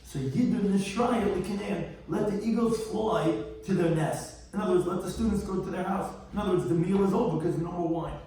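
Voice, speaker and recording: Teaching Talmud, a rabbi chants the Aramaic original line by line and translates it into plain words, adding quips. His warm, high-pitched voice moves fairly quickly with few pauses, recorded from afar in a very echoey room with a little hiss or hum.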